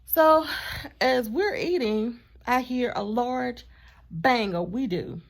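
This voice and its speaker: A woman vlogger telling a storytime in a chatty, animated way, with asides to her partner off camera. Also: a little high, takes it slowly. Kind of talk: casual storytime vlog.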